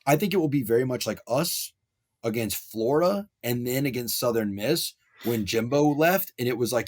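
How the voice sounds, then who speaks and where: A young man on a sports podcast, getting worked up and ranting about college football. His pitch sits in a middle range, and he stretches phrases out for effect. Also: moderate pace. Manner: animated ranting with wrestling and pop culture riffs. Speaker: podcast co-host.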